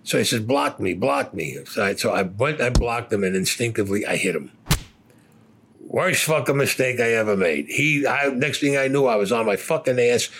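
A man's voice: on the low side, vocal fry, a bit bright, breathy edge. An older man from Brooklyn, bluntly telling profane stories about his past and acting out the dialogue. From Brooklyn, New York. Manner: blunt, swears constantly, acts out quoted dialogue. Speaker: interviewee. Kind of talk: profane personal storytelling.

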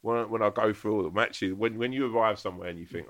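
Low bright-voiced man telling stories. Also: very fast. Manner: animated storyteller, swears a lot. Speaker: guest, actor and comedian. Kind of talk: casual chat, anecdote.

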